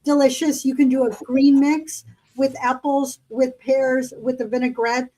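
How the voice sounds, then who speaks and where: A woman chats casually as a podcast co-host, spinning long stories full of fillers. Her voice sits high. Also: level tone, measured pace, warm tone, rough recording. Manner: chatty storyteller, lots of fillers. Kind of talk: casual chat.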